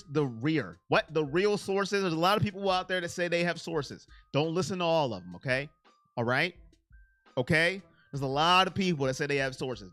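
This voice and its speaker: With a fairly high voice, a man runs a casual sports live stream and answers his viewers' chat messages by name. He's animated and admits openly that he's emotional.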